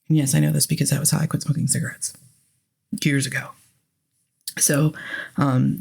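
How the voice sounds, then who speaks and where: A woman hosting her own podcast in casual solo talk, candid and rambling, with a hoarse, phlegmy voice and frequent restarts. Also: sits low, darkish tone. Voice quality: raspy, phlegmy voice with a lingering cough. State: hoarse throat. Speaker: podcast host.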